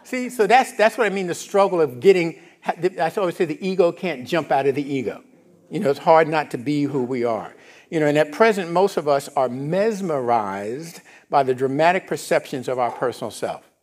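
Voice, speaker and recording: A man's voice: a little high, moderate pace. A middle-aged male minister giving a conversational sermon in a church, often asking the congregation if they follow. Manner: casual, animated, asks the congregation if they follow. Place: church sanctuary.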